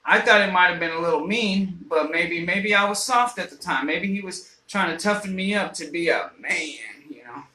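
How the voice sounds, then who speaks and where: A man's voice: high voice, normal speed, few pauses, pushed and bright. A man on the radio telling a personal story in a casual, rambling way, swearing often and restarting his sentences. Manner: rambling, profane, frequent fillers and restarts. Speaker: radio host. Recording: roomy echo.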